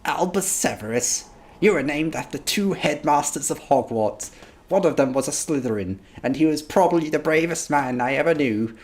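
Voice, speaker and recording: A man voicing an earnest, fatherly adult wizard who speaks gently and reassuringly while reading a play aloud. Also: on the high side, animated, moderate pace, pitched above the performer's own voice, close to an everyday voice.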